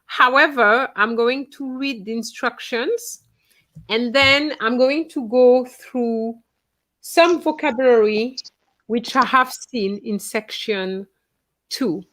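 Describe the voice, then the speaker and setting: Slow, patient woman teaching French. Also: fairly high pitch, a bit bright. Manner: patient, explains step by step, checks in with students. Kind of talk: online class instruction.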